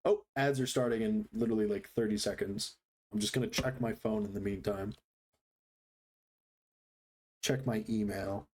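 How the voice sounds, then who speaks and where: A man's voice: fairly low pitch, steady tone, a little fast, darkish tone, a little hiss or hum. Joking, self-deprecating male streamer. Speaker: livestreamer. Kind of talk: casual live-stream chat while gaming. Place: home room next to a busy street.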